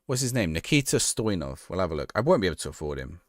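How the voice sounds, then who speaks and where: A man with a fairly low, very animated voice chats loosely with his viewers while he plays a football management game. He thinks aloud and reacts to each play, and his voice sounds dry and close with no room. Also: fast, no echo. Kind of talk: casual live-stream chat.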